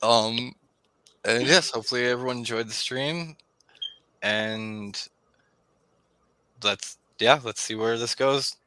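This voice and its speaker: A man narrating a tabletop game as game master in slow, dramatic storytelling. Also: mid-range voice, fairly even intonation, pushed and bright, no echo.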